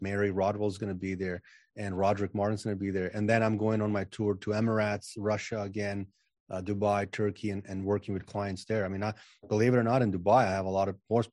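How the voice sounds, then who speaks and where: A man's voice: on the low side, flat delivery, fairly quick, darkish tone, no echo, studio quality. A man talking as a guest in a casual interview, self-assured and emphatic, often repeating words as he starts a sentence. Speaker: podcast guest, channeling coach.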